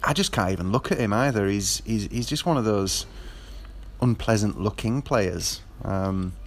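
Casting note: man, fairly low voice, casual rambling monologue, lots of ums and restarts. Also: normal speed. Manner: rambling, with frequent fillers and restarts. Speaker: football fan.

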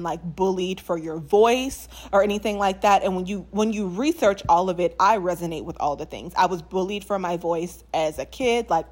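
A young woman from New Orleans with no local accent, chatting casually to camera in a life update, animated, with lots of fillers and frequent laughs. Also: fairly low pitch. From New Orleans, USA. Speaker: vlogger.

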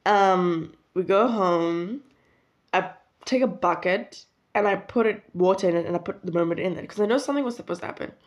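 A woman's voice: on the low side, a little fast, lo-fi sound. Chatty young woman telling a story. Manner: chatty, rambling, self-correcting, laughs at herself. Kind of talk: casual storytelling.

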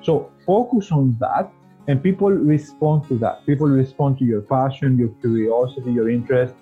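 A man's voice: mid-range voice, normal speed, breathy edge, narrow, tinny audio, faint music behind. A man speaking English as a second language, talking earnestly and passionately as a podcast guest, often restarting his phrases. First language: not English. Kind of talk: casual interview talk.

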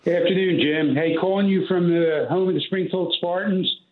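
A man's voice: sits high, fairly even intonation, normal speed. A man calling in to a finance show with a friendly, chatty question. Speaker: caller. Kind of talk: phone-in question. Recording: tinny echoey phone line.

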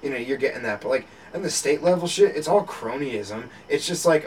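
Casual male podcast guest, profane and rambling, mid-pitched, mic a bit far off, faint noise. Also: animated, a little fast, darkish tone. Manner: rambling, swearing, laughs often, many restarts.

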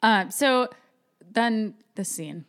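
A woman's voice: fairly high pitch, animated, drawn-out words, a bit bright. A woman co-hosting a podcast, chatting casually and sarcastically about a TV episode and acting out lines from its scenes. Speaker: podcast co-host. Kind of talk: casual chat recapping a TV episode.

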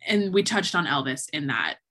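A woman's voice: low voice, animated, moderate pace, sharp tone. A woman co-hosting a podcast, chatting casually with many fillers and frequent laughter. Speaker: podcast co-host. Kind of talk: casual chat.

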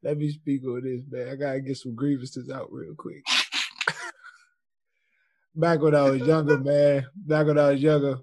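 A man's voice: medium pitch, little pitch movement, moderate pace, long pauses, noisy background. A young adult man co-hosting a podcast, laughing as he tells a story with mock grief. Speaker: podcast co-host. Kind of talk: casual chat.

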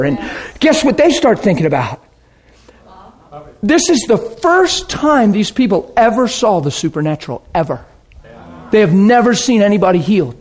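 A man's voice: high-pitched, husky. A man preaching a sermon, telling healing stories and acting out scenes with gasps and laughter. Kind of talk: sermon storytelling.

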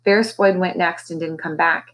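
A woman teacher reading a novel aloud to her class, with expressive, animated storytelling. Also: fairly low pitch, moderate pace, poor audio.

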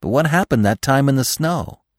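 A man voicing a shy, bewildered young male deer who speaks softly and hesitantly in a storybook reading. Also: mid-range voice, expressive, normal speed, no echo, clean studio sound, pitched above the performer's own voice, natural voice. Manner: soft, hesitant.

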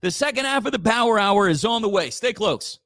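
A man's voice: sits high, lively intonation, brisk, creaky, fairly bright tone, no room sound, studio quality. A man hosting a casual talk radio show, joking and reading listener messages.

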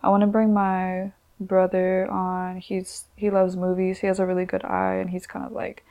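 A woman in her twenties, a podcast guest, chatting casually in relaxed, slangy talk full of "like". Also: mid-range voice, normal speed, creaky, muffled recording. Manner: relaxed, slangy, many "like" fillers. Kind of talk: casual chat.

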